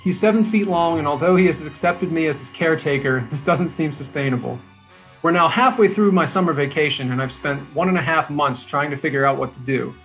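A fretful teenage girl with a pet alligator pours out her worries in an earnest, chatty rush, as a man reads her lines in his own voice. Her voice sits a little high for a man and moves quite a bit. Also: a little fast, fairly bright tone, faint music behind.

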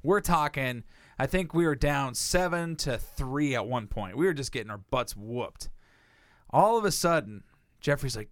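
A man co-hosting a podcast, telling a profane, animated story with frequent laughter. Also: medium pitch, a little slow, no echo, clean studio sound. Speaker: podcast co-host. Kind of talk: casual storytelling.

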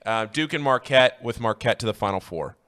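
A man co-hosting a sports talk show, giving quick, opinionated analysis. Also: mid-range voice, lively intonation, a bit bright, clear, resonant tone.

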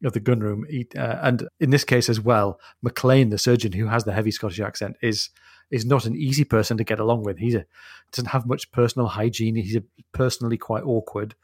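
A man's voice: medium pitch, steady tone, fairly quick, a little mellow, husky, no room sound, studio quality. A man co-hosting a podcast, casually discussing a novel and reading passages aloud with expression, laughing often. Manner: thoughtful, reads quotes with expression, laughs often. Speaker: podcast co-host.

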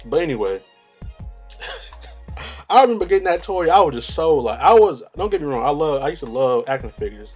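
A man's voice: on the high side, big pitch swings, moderate pace, pauses often, slightly rough, faint music behind. A young man, rambling in casual slang-heavy chat as a solo vlogger, laughing at his own stories.

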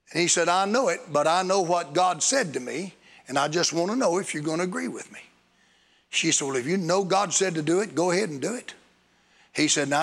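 Gravelly preacher in an echoey hall. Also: male voice, a little high. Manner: storytelling, rising to excited bursts. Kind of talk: sermon. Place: church hall.

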